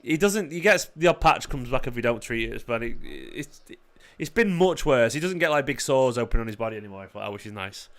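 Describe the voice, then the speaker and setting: A man's voice: medium pitch, fairly quick. A young man, chatting live at home on a streaming mic while he hosts a football watchalong. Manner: chatty, animated, switches to soft baby talk with his son. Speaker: watchalong host. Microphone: desk streaming mic.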